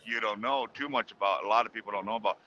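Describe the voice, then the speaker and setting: A middle-aged man telling a ghost story on a call in a casual, rambling way with halting restarts. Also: fairly low pitch, pushed and bright, highs cut off, a little hiss or hum.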